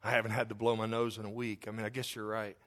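A man's voice: fairly low pitch, little pitch movement, fast, a bit bright, pitched below the performer's own voice, lightly acted. A preacher doing a resigned male leper.

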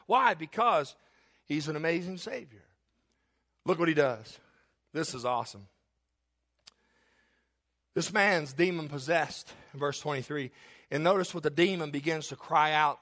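High, bright-voiced male pastor preaching. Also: measured pace, pauses often. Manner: emphatic, repetitive, joking asides. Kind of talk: sermon.

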